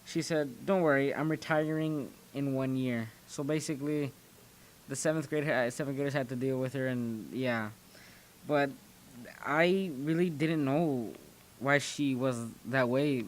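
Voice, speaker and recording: A teenage boy talks straight to his viewers about his school days. He rambles and often restarts his sentences, in a voice of middle pitch. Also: a little slow, a little hiss or hum. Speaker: channel host. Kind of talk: casual storytelling commentary.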